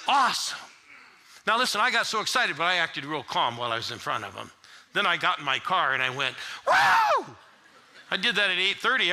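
A middle-aged male pastor preaching to a congregation in a church. His voice sits high and rings very bright and forceful. He swings between shouted call-and-response and hushed storytelling. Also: gravelly. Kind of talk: sermon.

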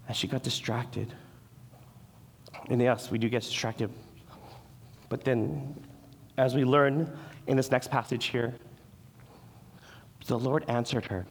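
A man's voice: medium pitch, measured pace, pauses often. A man preaching a sermon as pastor, earnest, restarting his words and acting out the quoted voices. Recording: long hall reverb.

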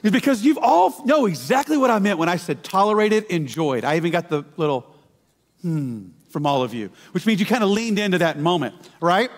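A male pastor tells a story from the pulpit in a folksy, joking way. His voice sits high for a man. The sound carries the long reverb of a large hall. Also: sing-song, brisk, few pauses. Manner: folksy, humorous storytelling, addresses the congregation as y'all. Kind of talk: sermon with storytelling.

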